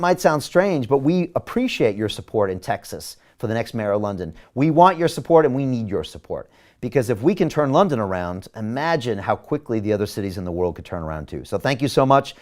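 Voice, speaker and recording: An emphatic man delivers a campaign address straight to his viewers, his voice sitting at an ordinary middle pitch. He hosts the show himself and keeps rallying his audience with repeated rhetorical questions. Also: very animated, brisk, a little mellow. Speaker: mayoral candidate and show host.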